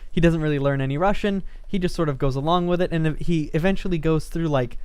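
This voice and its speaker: Man with a smooth, resonant voice. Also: a little high, quick pace, darkish tone, dry recording. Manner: rambling storyteller, chuckles often. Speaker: let's play host. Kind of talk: casual gaming chat.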